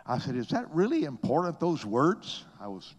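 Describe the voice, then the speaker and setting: A man preaching a sermon, swinging between hushed whispers and loud, high exclamations in a husky voice. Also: wildly swooping pitch, moderate pace.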